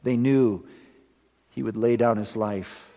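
A man preaching a sermon earnestly, building to emphatic lines and then dropping to a hushed close. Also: fairly low pitch, fairly even intonation, slow, in a large hall.

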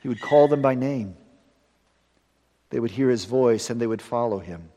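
A man's voice: mid-range voice, moderate pace. Man preaching a sermon in a reverberant hall. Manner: earnest, rising to emphatic then dropping to hushed.

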